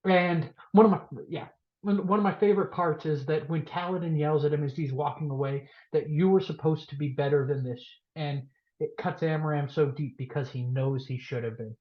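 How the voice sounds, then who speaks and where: A man co-hosting a podcast, recapping a book in an animated, jokey way and acting out the scenes. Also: on the high side, normal speed. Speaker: podcast co-host. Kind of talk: excited comedic book recap. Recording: roomy, dull lo-fi podcast audio.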